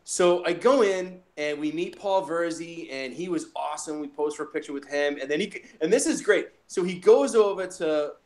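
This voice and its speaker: Podcast host guy, kinda high voice, swears a lot, animated storyteller, lots of restarts. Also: normal speed, few pauses. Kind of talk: casual chat.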